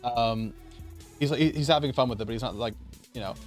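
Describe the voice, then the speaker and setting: A man's voice: mid-range voice, brisk, soft background music. A man casually recapping his card game tournament, telling it in a loose, rambling way with some swearing.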